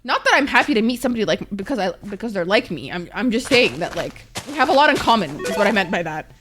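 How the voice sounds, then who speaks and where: Speaking quickly at a medium pitch with big swings, this streamer thanks her viewers in a teary, gushing rush, swearing casually the whole time. Music plays amid a noisy background.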